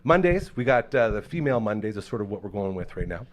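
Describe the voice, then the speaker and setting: A man hosting a live local talk show with energetic, hype delivery, from Canada. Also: lowish voice, fast talker, a little hiss or hum. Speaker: host.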